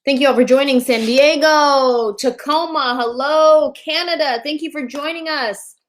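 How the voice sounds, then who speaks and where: A woman's voice: high-pitched, a little slow. A woman hosting a casual livestream chat show from a borrowed bedroom, chatty and playful, joking through technical trouble over a laptop mic. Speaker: host.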